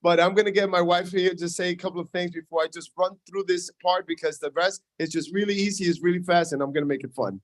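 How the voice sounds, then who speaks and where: A man's voice: high voice, fast talker, hardly any pauses, no room sound. A man from New York City with a New York accent, telling a jokey story onstage at a business launch event, with lots of "uh" and "right?". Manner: jokey, animated, frequent "right?" and "uh". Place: event room with an audience.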